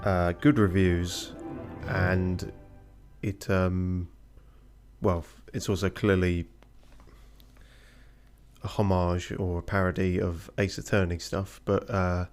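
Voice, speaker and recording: A man casually commenting while streaming a game, dry and self-mocking with frequent pauses and fillers. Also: deep voice, little pitch movement, a little mellow, soft background music. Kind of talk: casual let's-play commentary.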